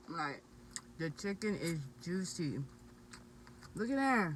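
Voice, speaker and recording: Vlogger: expressive woman, slow easy pace, recorded on a phone in a parked car. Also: fairly low pitch, far from the mic, slight background noise, low-quality recording. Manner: excited, chatty, expressive. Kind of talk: casual food review vlog.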